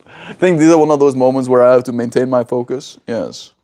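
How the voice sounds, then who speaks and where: South african guy rambling on his stream, chuckles a lot, mid pitch, chatting back to viewers. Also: steady tone, fairly quick, dark tone. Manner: rambling, chuckling, reacting to chat. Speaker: livestreamer. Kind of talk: casual live-stream chat.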